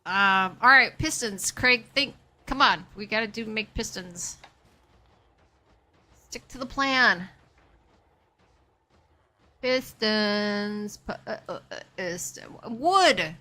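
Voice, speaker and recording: A woman's voice: medium pitch, slow, pauses often, bright, forceful tone. A woman streaming a game live, chatting casually with her viewers and talking herself through what she is doing. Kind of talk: casual live-stream chat while playing.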